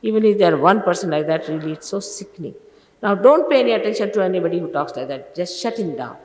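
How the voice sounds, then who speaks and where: A woman's voice: on the low side, animated, fast talker. Older woman, spiritual teacher, stern emphatic sermon, rhetorical questions; roomy hall reverb, old archive tape. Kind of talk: informal sermon to followers.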